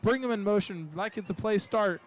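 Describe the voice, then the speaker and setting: A man provides color commentary for a high school football game, talkative and joking, using lots of filler words. He speaks a little fast.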